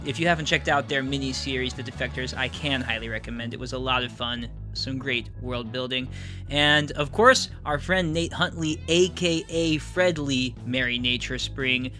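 Man, podcast host, upbeat outro, chatty, bright tone, soft music bed. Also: medium pitch. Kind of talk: podcast outro and sponsor plugs.

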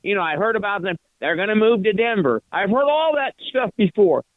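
A man's voice: sits high, lively intonation, fairly quick, no echo. An older man calling in to a sports radio show, ranting in frustration and tripping over repeated words. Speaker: radio call-in listener. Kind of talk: angry fan phone call. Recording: tinny phone line.

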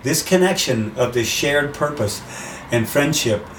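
A man speaking as an interview guest in casual conversation, animated, acting out quoted voices as he tells stories. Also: mid-range voice, a little slow, echoey room, recorded from a distance, a little hiss or hum, rough recording. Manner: animated storyteller, acts out quotes. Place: outdoors by the sea.

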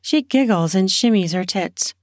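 A woman's voice: mid-range voice, animated, moderate pace, a little mellow, no echo, clean studio sound. A woman improvising an erotic story off the cuff, narrating in a spontaneous, conversational way.

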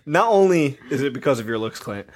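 A male podcast co-host with a mid-range voice and a dry sense of humor. He chips in with wry remarks and often trails off quietly at the end of his sentences. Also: medium pitch, lively intonation, fairly quick. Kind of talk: casual chat.

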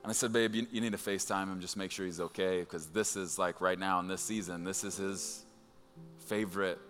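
Bright-voiced male pastor telling a story. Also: low voice, brisk, long reverb tail, soft background music. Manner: animated, acts out dialogue in the story. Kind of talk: storytelling sermon.

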